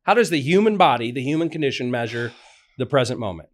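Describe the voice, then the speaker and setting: A man who works as a coach, a podcast guest speaking in a measured, teacherly way with rhetorical questions. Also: medium pitch, expressive. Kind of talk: podcast interview.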